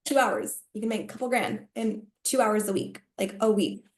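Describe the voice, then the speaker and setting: A woman who used to be a teacher, talking casually on a coaching call and telling rambling, animated stories full of fillers. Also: mid-range voice, moderate pace. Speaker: coaching client, former teacher.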